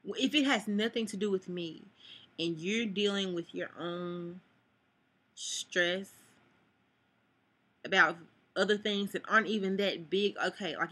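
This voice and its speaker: A woman's voice: on the low side, fairly bright tone, husky. A sad, upset young woman venting to viewers in a rambling vlog, cursing freely. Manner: rambling, cusses, addresses viewers. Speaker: vlogger.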